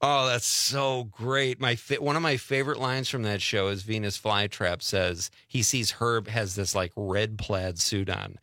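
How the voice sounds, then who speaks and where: Male talk radio host, casual storyteller, bright tone, close dry mic. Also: lowish voice, steady tone, a little slow, few pauses, no room sound. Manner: chatty, laughs easily, tells anecdotes. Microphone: studio microphone.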